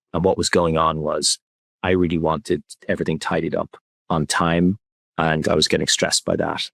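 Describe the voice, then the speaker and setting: A man speaking as a podcast guest, talking in a soft, reflective and candid way in a relaxed conversation. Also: extremely low pitch, creaky, slightly rough, no room sound.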